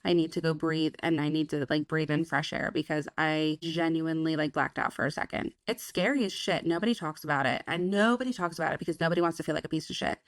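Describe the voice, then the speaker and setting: A woman's voice: low-pitched, quick pace, few pauses, no echo. A young woman co-hosting a podcast, talking frankly and casually, swearing freely and acting out her own past thoughts. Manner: frank, swears freely, quotes herself in voices. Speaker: podcast co-host. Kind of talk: candid casual chat.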